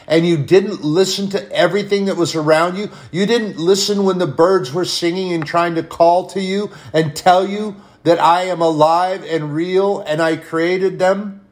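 A man's voice: high-pitched, pitched above the performer's own voice. A man voicing God as a majestic, exasperated male figure who keeps asking incredulous questions.

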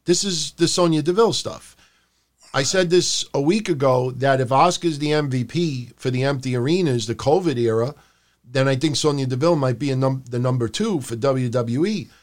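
A man's voice: mid-range voice, normal speed. A man co-hosting a podcast, chatting casually about wrestling and mocking promos in put-on voices. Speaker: podcast co-host.

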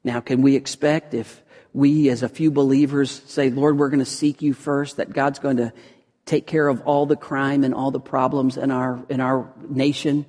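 A man preaching a sermon. He swings from loud, emphatic lines to hushed, near-whispered ones. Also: medium pitch, flat delivery, moderate pace. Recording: long reverb of a large hall.

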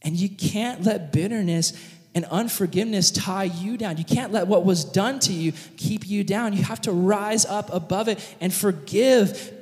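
A man preaching a sermon, retelling a story in an animated, vivid way. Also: high-pitched. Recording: long reverb of a large hall.

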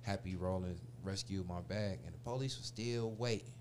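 A deep-voiced man in his forties tells a lengthy story at normal speed, background noise audible behind him. His relaxed, profane street talk includes lively impersonations of the story's characters.

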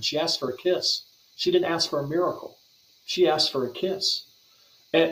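A man speaks as a podcast guest, giving an earnest devotional teaching in a somewhat high voice. His delivery flows along, with frequent small restarts and repeated words. The recording has a noticeable roomy echo. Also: a bit bright. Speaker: guest Bible translator.

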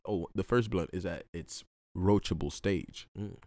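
A man's voice: fairly low pitch, very animated, normal speed, fairly bright tone, dry recording, studio quality. A man telling a rambling story in a laid-back casual monologue, full of slang and restarts. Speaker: vlogger.

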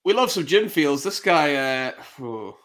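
A man's voice: on the high side, very animated, measured pace, fairly bright tone. A man co-hosting a casual fantasy football chat show, laughing and reacting to clips.

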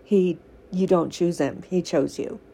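Low gravelly earnest woman. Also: unhurried, warm tone, a little hiss or hum. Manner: earnest, emotional, laughs often, many fillers. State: teary. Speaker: faith podcaster. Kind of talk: casual devotional talk.

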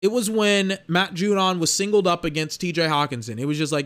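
A young man hosts a sports podcast in a casual, blunt monologue, breaking into exasperated, slangy rants. His voice is high-pitched, fairly bright and clean in tone, and he talks fairly quickly.

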